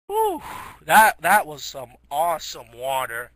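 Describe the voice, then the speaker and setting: A young man loudly telling a rambling, improvised nonsense story, stammering and acting out the characters as he goes. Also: fairly high pitch, wildly swooping pitch, slow, dry recording. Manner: loud, giddy, stammering, acting out characters in quotes.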